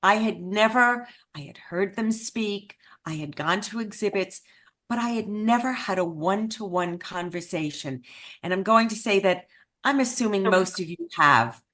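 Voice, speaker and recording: A woman's voice: medium pitch, expressive, normal speed, a bit bright. A woman giving an earnest, self-deprecating talk to an audience about meeting a survivor. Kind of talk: speech to an audience.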